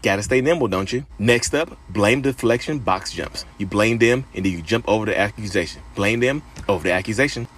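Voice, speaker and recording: A man's voice: on the low side, brisk, hardly any pauses, a bit bright, pitched above the performer's own voice. A man putting on the voice of a smug, toxic male narcissist in a comedic workout-tutorial sketch, with mocking instructor patter. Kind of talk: comedic short video sketch.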